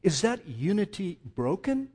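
A male pastor preaching a sermon in a conversational, animated way, asking his listeners rhetorical questions and often restarting his sentences. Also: sits high, a little slow, breathy edge.

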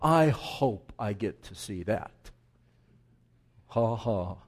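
A man preaching a sermon, moving between hushed, reflective asides and loud, emphatic build-ups, repeating phrases for emphasis. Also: on the low side, animated, slow.

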